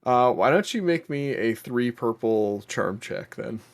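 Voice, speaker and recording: A man narrating as game master of a tabletop role-playing game, relaxed and casual. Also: mid-range voice, unhurried, dry recording, studio quality.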